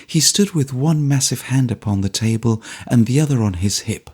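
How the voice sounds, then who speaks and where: A man narrating a classic novel as an audiobook, reading in a measured, clear way. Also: medium pitch, darkish tone. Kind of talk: scripted narration.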